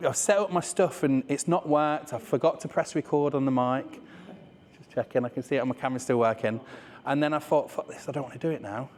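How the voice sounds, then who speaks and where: Chatty man with a Leicester accent in a reverberant hall. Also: medium pitch. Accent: Leicester English. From England. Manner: chatty and swearing, with many "right?" asides. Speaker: speaker giving a business talk. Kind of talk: live presentation to an audience. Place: room with an audience.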